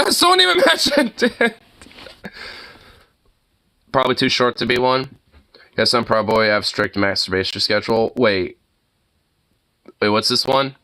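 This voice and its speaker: A man's voice: mid-range voice, very animated, unhurried, pauses often, bright, forceful tone. A man streaming, reacting to clips with profane, mocking commentary and frequent laughter. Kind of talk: casual commentary.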